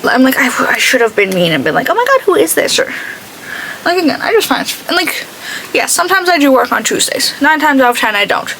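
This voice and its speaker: A woman's voice: high voice, big pitch swings, quick pace, fairly bright tone, slight background noise, rough recording. A young woman chatting casually while doing her makeup, rambling through a story and quoting herself with lots of "I'm like.". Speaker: beauty vlogger.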